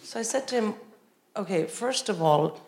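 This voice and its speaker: A middle-aged woman from India doing animated live stand-up comedy, often shouting and mimicking voices. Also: mid-range voice, normal speed. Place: large live venue with audience. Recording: echoey hall, loud crowd laughter.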